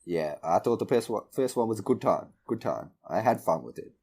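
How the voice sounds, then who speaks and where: A laid-back man chatting on a podcast. His voice sits very low and has a husky grain. He drops in the odd swear word and laughs easily. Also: animated, brisk, dark tone. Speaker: podcast co-host. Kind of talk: casual chat.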